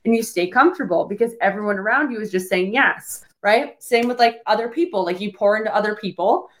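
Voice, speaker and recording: A woman's voice: mid-range voice, brisk, fairly bright tone. A woman hosting a casual solo podcast, coaching her listeners directly with a rambling flow full of "like" fillers. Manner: rambling, heavy use of "like" fillers. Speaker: podcast host.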